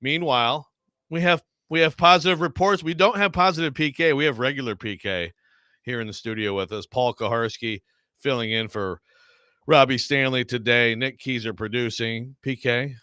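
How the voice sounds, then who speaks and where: A man's voice: medium pitch, moderate pace, bright, forceful tone, dry recording. A man hosting a sports talk radio show in the studio, chatting in an easygoing, upbeat way. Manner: upbeat, easygoing, reads sponsor lines smoothly. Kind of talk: casual sports radio banter. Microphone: studio microphone.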